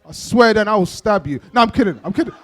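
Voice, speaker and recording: A man's voice: high-pitched, animated, fast talker, some chatter behind. A young man doing stand-up at an awards event, playfully teasing the kids in the audience in street slang. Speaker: stand-up comedian.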